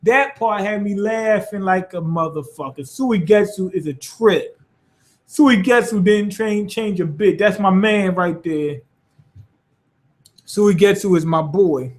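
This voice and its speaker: A man casually reviews a manga chapter, rambling loosely, swearing freely, and sounding amused by the story. His voice sits high, and he takes it slowly.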